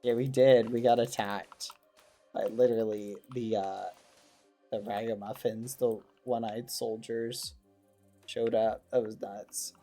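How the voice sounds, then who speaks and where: A man streaming a game, chatting casually and excitedly with his viewers and using wholesome exclamations instead of swearing. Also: on the low side, takes it slowly, faint music behind. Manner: excitable, talks to his chat. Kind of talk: casual gaming livestream chat.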